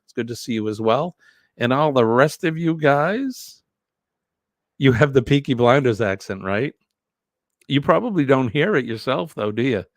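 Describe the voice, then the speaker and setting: A man's voice: medium pitch, animated, moderate pace, no echo, studio quality. A man from New Hampshire with a New England accent, hosting a live show in a jokey, chatty way and laughing often. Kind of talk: casual live-stream chat.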